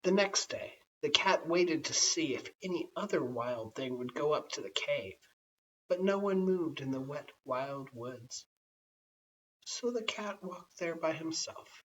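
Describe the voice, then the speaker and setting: Guy reading a bedtime story, gentle and measured, bit far from mic, dull lo-fi audio. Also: on the high side, lively intonation. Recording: slightly distant, dull lo-fi home recording.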